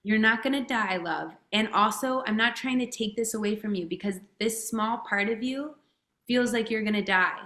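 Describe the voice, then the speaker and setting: A woman's voice: fairly high pitch, normal speed, bright, forceful tone, reverberant. A woman speaking as a guest coach in a podcast interview, talking casually and emphatically and swearing freely.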